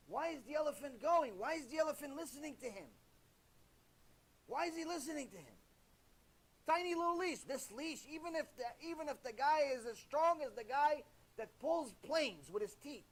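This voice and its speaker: A man preaching a sermon as a rabbi, animated, repeating himself and asking rhetorical questions. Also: very high-pitched.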